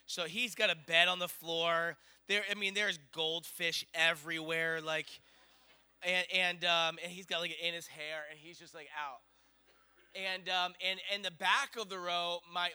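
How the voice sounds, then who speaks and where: High, very bright-voiced male preacher. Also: clean tone. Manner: rambling, animated storyteller with many fillers. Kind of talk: storytelling sermon.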